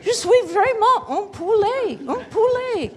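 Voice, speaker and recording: A giddy fake-French hen puppet. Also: female voice, extremely high pitch, lively intonation, unhurried, slight background noise. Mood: giddy, showy. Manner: hammy fake French accent, sing-song exclamations. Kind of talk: live puppet show.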